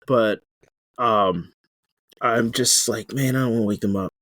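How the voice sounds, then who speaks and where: A man's voice: on the low side, measured pace, fairly bright tone, no echo. A tired man co-hosting a podcast in casual chat, self-deprecating and casually swearing. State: worn out and tired. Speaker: podcast co-host.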